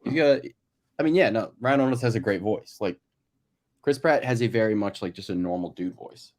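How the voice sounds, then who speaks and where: A man co-hosting a movie podcast in casual chat, talkative and quick to laugh. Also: lowish voice, expressive, a little mellow. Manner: chatty, laughs easily, many "like" fillers. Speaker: podcast co-host.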